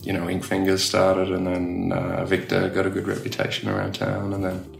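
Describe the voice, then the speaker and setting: A man's voice: low voice, monotone, normal speed, gravelly, reverberant, soft background music. An Australian man chatting casually as an interview guest, rambling with lots of fillers and laughs. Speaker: tattoo studio owner, guest.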